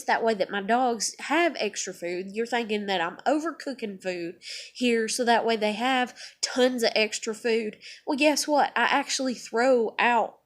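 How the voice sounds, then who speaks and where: A young woman rants furiously into the camera, cursing at every turn. Her fairly high voice jumps from shouting bursts to low, seething mutters. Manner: profane, ranting, swings between loud outbursts and low muttering. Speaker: vlogger. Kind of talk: angry venting monologue.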